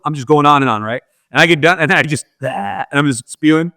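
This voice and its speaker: A man's voice: a little high, fast, gravelly, hardly any pauses, pushed and bright, dry recording, studio quality. A man, a podcast guest, telling a personal story in candid, casual talk full of "like" fillers.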